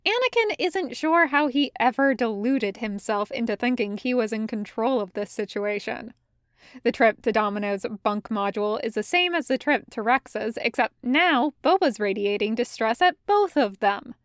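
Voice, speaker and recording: Woman narrator, fan fiction audiobook, higher voice, dry close mic. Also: animated, normal speed, no echo. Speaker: podfic reader.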